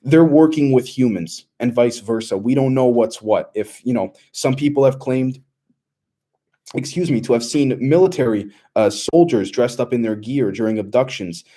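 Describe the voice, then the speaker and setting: A man's voice: mid-range voice, moderate pace, mellow. A young man hosting a casual livestream, reading out chat questions and answering in a loose, rambling way with many fillers.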